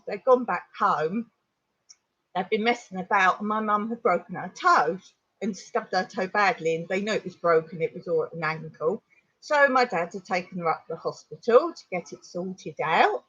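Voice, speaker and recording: A middle-aged woman from England, telling a long personal story on a livestream in a rambling, animated way. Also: medium pitch, moderate pace, breathy edge, dull audio. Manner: rambling, animated retelling with laughs. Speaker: vlogger on a livestream.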